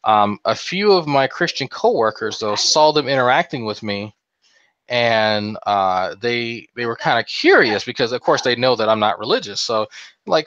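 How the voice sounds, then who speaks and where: A man's voice: mid-range voice, animated, a little fast, a bit bright, no room sound. A man casually telling a long anecdote on a group talk show, acting out quotes as he goes. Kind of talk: casual storytelling. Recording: slightly dull lo-fi sound.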